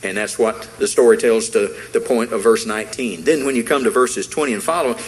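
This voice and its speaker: A man's voice: medium pitch, a little fast, poor audio. A man preaching a sermon in a folksy, emphatic way, retelling a Bible story with acted-out quotes and repeated lines.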